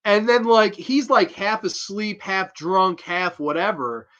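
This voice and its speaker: A man in his twenties reviewing a horror film in a casual, excitable way, swearing freely. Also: high voice, a little slow, dull audio.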